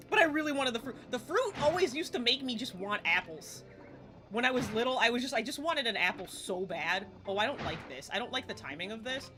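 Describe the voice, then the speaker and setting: A woman of about forty chatting casually while streaming a game live, excitable and swearing, often laughing and yelping at the screen. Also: a little high. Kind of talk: live gameplay stream chat. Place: home streaming setup in front of a green screen.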